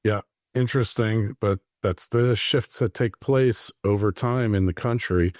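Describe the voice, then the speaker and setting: A man's voice: lowish voice, measured pace, a little mellow, dry recording, studio quality. A man hosting a political interview podcast, talking in a loose, conversational way with plenty of fillers. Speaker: podcast host.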